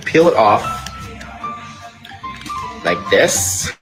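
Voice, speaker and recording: A man's voice: lowish voice, very animated, extremely slow. A man from the United States talking casually to camera in a short video clip, wide-eyed and enthusiastic. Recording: video clip with loud background music.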